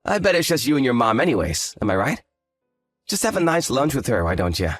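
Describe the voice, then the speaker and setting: A man's voice: medium pitch, very animated, a little fast, no echo, soft background music. A man voicing an arrogant, hungover young fiancé who talks in a lazy, condescending, sarcastic way. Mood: dismissive. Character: arrogant hungover male fiancé, dismissive and smug. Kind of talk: scripted story drama.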